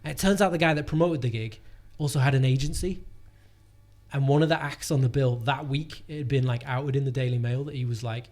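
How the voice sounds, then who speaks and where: A young man tells a story in loose, casual chat. He rambles and swears freely, fills every gap with "like", and his voice sits at an ordinary middle pitch. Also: steady tone, brisk, a little mellow. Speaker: comedian guest. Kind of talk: casual anecdote telling.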